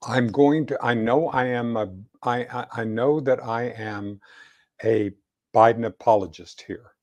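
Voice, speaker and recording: A man co-hosting a casual political chat show, talking in halting bursts with many restarts. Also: medium pitch, fairly even intonation, darkish tone. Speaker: co-host.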